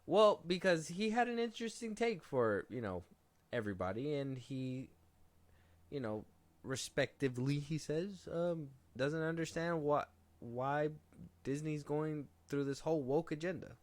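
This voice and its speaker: A young man co-hosting a film podcast, casually running through film news in a relaxed, rambling way. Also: fairly high pitch, a little slow. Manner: relaxed, rambling, trails off and restarts. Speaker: podcast co-host.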